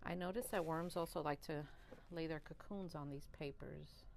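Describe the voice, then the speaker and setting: A woman vlogging about her worms, chatty and excitable, laughing often, a little out of breath. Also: low-pitched, normal speed, gravelly, slight background noise. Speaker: worm farmer and channel host. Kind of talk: casual chat to camera while handling worms.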